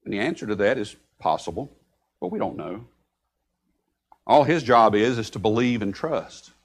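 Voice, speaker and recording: A man preaching a sermon, breaking into sudden loud outbursts when he quotes scripture. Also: lowish voice, lively intonation, moderate pace. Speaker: pastor.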